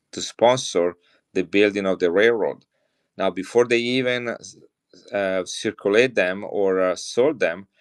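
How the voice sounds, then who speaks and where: A middle-aged man with an Italian accent, chatting casually on a live stream as he sells and shows off coins to viewers. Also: sits low. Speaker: coin seller on a live stream.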